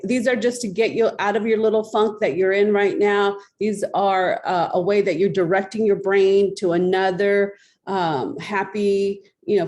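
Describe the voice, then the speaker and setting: A woman's voice: medium pitch, darkish tone. A woman coaching a tapping exercise, giving step-by-step instructions in a coaxing, instructive way. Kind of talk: guided tapping demonstration.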